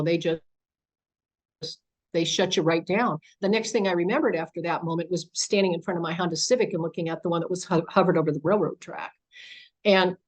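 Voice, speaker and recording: An older woman giving a talk about her own experiences, telling the story with animation and acting out the dialogue. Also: on the low side. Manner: animated storyteller who acts out quoted dialogue. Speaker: guest speaker. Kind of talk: personal account told to an audience. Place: home podcast studio.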